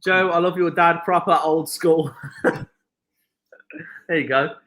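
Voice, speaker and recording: Brummie guy hosting a football watchalong, high bright voice, gets loud and excited fast. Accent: Birmingham. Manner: excitable, swings between chatty and shouting at the match. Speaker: stream host.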